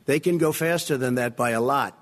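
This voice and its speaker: A man's voice: mid-range voice, fairly quick. A man in his seventies in a heated live debate, blunt and repetitive, talking over his opponent. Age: 70s. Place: debate stage in a hall.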